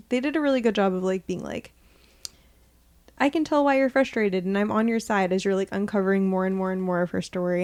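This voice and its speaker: A woman in casual chat, speaking animatedly and filling her sentences with "like" as she acts out what others say. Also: mid-range voice. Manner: animated, lots of "like" fillers, acts out quotes. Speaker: podcast guest.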